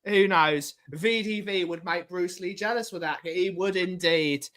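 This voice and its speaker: Bright-voiced Welsh man, chatty. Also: sits high, moderate pace. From Wales. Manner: animated, banters and greets chat viewers. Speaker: co-host of a fan livestream. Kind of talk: casual chat.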